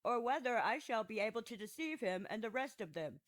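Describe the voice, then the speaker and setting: A woman's voice: on the high side, lively intonation, brisk, lightly acted, low-quality recording. A woman narrating an audiobook voices an aging male philosopher who defends himself at trial with patient, ironic questions. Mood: ironic questioning. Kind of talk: audiobook reading of a classic dialogue.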